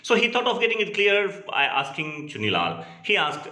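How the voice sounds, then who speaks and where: A man with a Telugu accent teaching English to children, explaining a story slowly and with many fillers; his first language is Telugu. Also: on the high side, huge pitch swings, bright, forceful tone. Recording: roomy echo.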